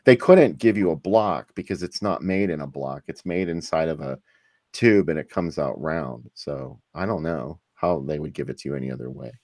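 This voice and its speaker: A man hosting a podcast, chatting in a relaxed way and enthusiastically recommending things. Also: rumbling low, moderate pace, dry recording. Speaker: podcast host. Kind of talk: casual chat.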